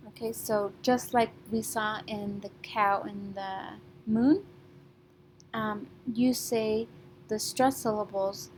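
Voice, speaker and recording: Teacher, female, slightly high voice, slow deliberate delivery, faint rumble behind. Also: a little mellow, rough recording. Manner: patient, repeats "okay?" often. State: keeps clearing her throat. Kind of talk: remote classroom lesson.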